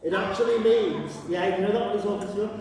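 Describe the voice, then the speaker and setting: In a large gallery hall full of listeners, a male workshop leader teaches Cantonese greetings to children and families, stretching out the tones in a playful, animated teacher style. His voice sits high and his delivery is brisk. The mic is far away, so the hall echoes and the crowd is audible.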